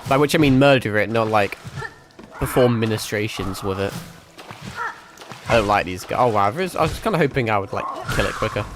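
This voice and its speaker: A man born in Britain, streaming a game, chatting in a rambling, sweary, self-mocking way. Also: on the low side. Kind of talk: casual gameplay commentary.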